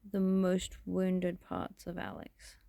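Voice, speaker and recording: A woman's voice: fairly low pitch, monotone, slow, creaky, dark tone, no room sound. A woman talking to camera in a rambling, self-reflective vlog monologue, laughing often. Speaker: vlogger.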